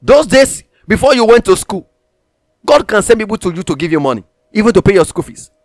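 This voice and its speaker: A man's voice: high-pitched, very animated, fairly quick, no room sound, clean studio sound. A man preaching a sermon, emphatic, repeating phrases for stress and reading scripture aloud in old-fashioned wording.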